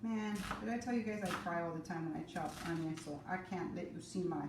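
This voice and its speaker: A woman's voice: on the low side, fairly quick. A middle-aged woman hosting a casual live cooking class from her home kitchen, chatting with viewers by name and teasing herself. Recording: echoey room, mic at a distance, noisy.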